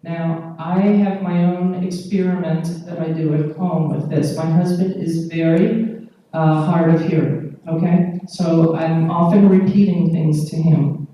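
This conference lecturer has a warm, steady, low-sitting voice, with slight background noise and the echo of a large hall caught on a distant mic. She walks the audience through material patiently, pausing, using fillers, and often asking "okay?"

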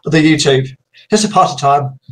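A man's voice: on the high side, a little fast, a bit bright. A man from Suffolk, chatting casually and laughing often with a stranger on a video chat. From Suffolk, England.

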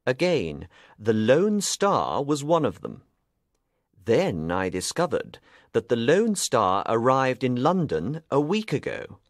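Sherlock Holmes, read by a man, slow and animated. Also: mid-range voice, no echo, clean studio sound. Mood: explaining. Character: sharp, determined male detective, adult. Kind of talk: audiobook reading.

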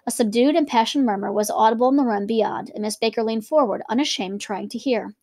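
A woman's voice: a little high, darkish tone, no room sound. A woman reading a classic novel aloud and stopping for casual commentary. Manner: quick, conversational asides between reading. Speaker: reader and teacher.

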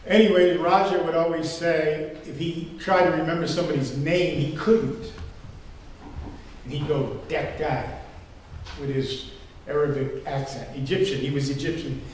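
A man's voice: a little high, moderate pace, slight background noise. An older man preaching a sermon as pastor, telling stories in a rambling, conversational way with fillers. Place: church sanctuary. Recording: echoey hall from far off, faint ambience.

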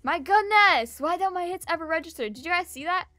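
A young woman giving fast, chatty, excitable commentary while playing a video game. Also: extremely high pitch, no echo, soft background music. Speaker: gaming video creator. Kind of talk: casual gameplay commentary.

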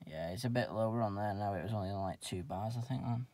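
A man's voice: lowish voice, fast talker. A man filming himself outdoors on a wooded hill, chatting casually over a handheld radio in slang and radio jargon. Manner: slangy, uses radio jargon, talks loudly when keying up. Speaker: radio hobbyist vlogger. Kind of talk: casual radio chat with commentary. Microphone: handheld radio and camera mic.

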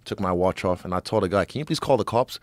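A man's voice: deep voice, expressive, fast, dry recording. A man telling a story as a guest in casual podcast chat, swearing freely and acting out others' lines.

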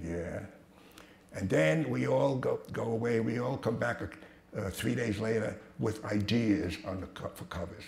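A man's voice: mid-range voice, gravelly. Blunt, profane older man telling stories. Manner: profane, blunt, with many restarts and stammers. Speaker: speaker at a talk. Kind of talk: anecdotal storytelling talk. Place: hall with a live audience. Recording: echoey hall with some noise.

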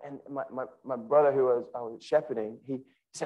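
A man giving an emphatic sermon at a student conference, speaking directly to listeners by name and slowing down to repeat key lines. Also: poor audio. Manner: animated and emphatic, with wide pitch swings.

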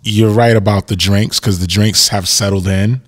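A man's voice: on the low side, fairly even intonation, moderate pace. A man co-hosting a casual podcast, laid-back, mostly giving short agreeing replies. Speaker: podcast co-host. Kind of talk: casual chat.

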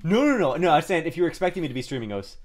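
Animated young man hosting a game stream. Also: a little high, racing. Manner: rambling, with many restarts and greetings to chat. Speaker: streamer host. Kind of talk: casual gaming stream chat.

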